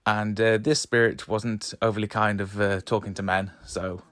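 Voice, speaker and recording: A man explaining a ghost hunt in a relaxed voice-over, with frequent hesitations. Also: lowish voice, normal speed, dry recording.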